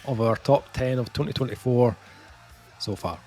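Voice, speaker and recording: A man's voice: mid-range voice, normal speed, darkish tone, soft background music. A man co-hosting a casual podcast, often laughing through his lines. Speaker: podcast co-host.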